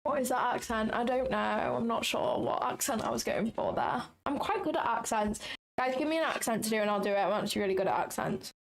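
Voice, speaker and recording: A woman's voice: a little high, fairly quick, gravelly, slight background noise. A woman live-streaming her trading, talking casually and exclaiming often, with the odd swear word. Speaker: trading livestreamer. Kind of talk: casual livestream commentary.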